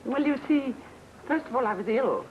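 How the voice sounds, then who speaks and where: An actress playing a gentle, patient mother back home after a long illness, with calm, consoling speech in an old television drama. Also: on the high side, moderate pace, phone-quality sound, a little hiss or hum, natural voice. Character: gentle mother returned from a mental hospital. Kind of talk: 1960 television drama acting.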